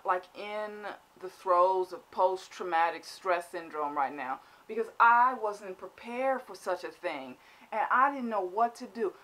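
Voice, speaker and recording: A woman's voice: a little high, bright, forceful tone. A woman vlogger telling a comic story in an exaggerated, mock-dramatic way. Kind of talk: comedic storytelling vlog.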